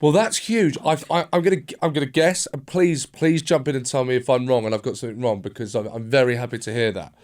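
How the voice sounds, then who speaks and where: A man's voice: mid-range voice, quick pace, hardly any pauses, a little mellow. Hesitant, rambling male podcast host. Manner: hesitant, rambling questions with many restarts. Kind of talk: casual interview chat.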